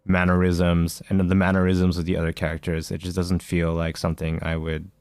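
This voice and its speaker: A man's voice: deep voice, monotone, brisk, a little mellow, smooth, no echo, studio quality. A man co-hosting a podcast, chatting casually about video games, full of fillers and restarts. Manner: hesitant, many fillers and restarts. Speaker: podcast co-host.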